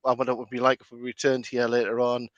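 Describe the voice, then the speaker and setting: A man's voice: mid-range voice, monotone, rapid-fire, no room sound, muffled recording. A man hosting a casual movie watch-along commentary, chatty and full of film trivia. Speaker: host.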